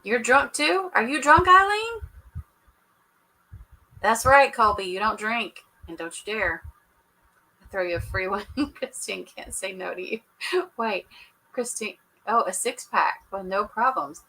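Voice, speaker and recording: Woman, sassy livestream chatter, bright sharp tone, lots of laughing. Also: medium pitch, animated, measured pace, gravelly, husky, rough recording. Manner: sassy, joking, laughs often, talks to chat. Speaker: livestream host recapping a reality show. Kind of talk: casual live chat with viewers.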